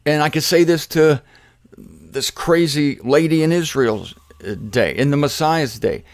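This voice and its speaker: A man teaching the Bible in an informal, conversational way, shifting between emphatic bursts and quiet asides and speaking straight to his listeners. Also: on the high side, measured pace, no room sound. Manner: conversational, jokey, addresses listeners directly. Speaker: preacher.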